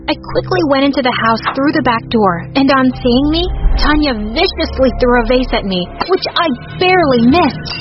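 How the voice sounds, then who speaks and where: A woman with a high voice tells a first-person storytime in a dramatic, exclaiming way. The sound is muffled and lo-fi, with clear music playing under her. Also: expressive, moderate pace, hardly any pauses. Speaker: storytime narrator. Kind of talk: scripted first-person narration.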